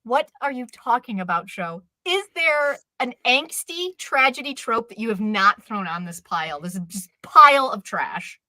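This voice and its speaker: A woman co-hosting a live stream chat, ranting in an exasperated, animated way. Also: a little high, normal speed, hardly any pauses, no room sound. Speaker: co-host.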